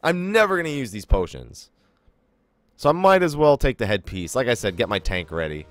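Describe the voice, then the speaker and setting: A man's voice: mid-range voice, very animated, fairly quick, a bit bright. A man giving casual let's play commentary, chatty and rambling, laughing often. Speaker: gaming YouTuber.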